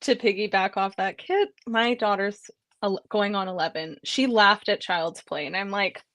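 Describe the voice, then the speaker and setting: A woman's voice: mid-range voice, moderate pace, fairly bright tone, no room sound. A woman in her thirties chatting casually and laughing easily as she tells a story. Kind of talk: casual chat. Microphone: home mic on a video call.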